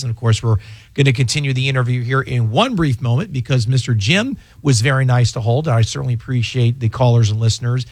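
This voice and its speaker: A man's voice: mid-range voice, no echo. A man hosting a radio call-in show as an attorney, talking casually and telling stories with jokey asides, in a radio studio. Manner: chatty, storytelling, jokey asides.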